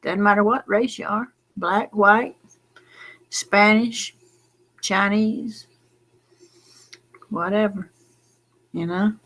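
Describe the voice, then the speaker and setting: A woman's voice: medium pitch, fairly even intonation, slow pace, long pauses, a bit bright. A middle-aged woman, talking in a late-night casual vlog, rambling and folksy, drowsy and close to tears. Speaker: lottery number vlogger.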